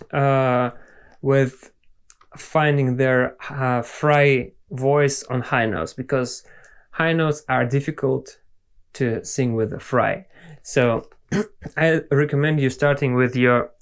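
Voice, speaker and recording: Male vocal coach, young, Russian native speaker, very slow unhurried delivery, patient explainer. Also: medium pitch, clear, resonant tone. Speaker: singing teacher. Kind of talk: vocal lesson with sung demonstrations.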